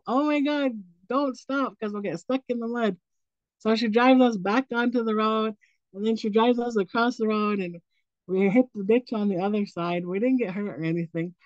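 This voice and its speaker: A woman's voice: medium pitch, dry recording. A woman in her forties leads an online presentation in a loose, storytelling way, with plenty of "um" and "like." Her voice sits in a middle range. The audio is dry and slightly dull, as if from a video call. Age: 40s. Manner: relaxed storytelling with fillers like "um" and "like".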